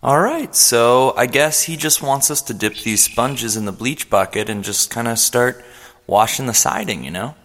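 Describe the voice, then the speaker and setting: A man performing a comedy podcast as himself, pleading and excitable, swinging into yelling. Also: mid-range voice, normal speed, big-room sound. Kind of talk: comedic improvised role-play.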